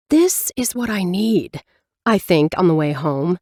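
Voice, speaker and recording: A woman's voice: fairly low pitch, expressive, unhurried, warm tone, no echo, clean studio sound. Woman narrating a first-person audiobook.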